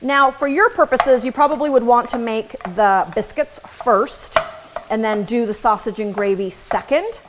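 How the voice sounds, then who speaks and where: A chatty woman chef talks viewers through a recipe at the stove, joking as she goes. Her voice sits a bit high, and a sizzling pan hisses clearly underneath it. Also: moderate pace. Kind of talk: casual cooking demonstration. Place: kitchen at the stove. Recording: sizzling pan noise behind the voice.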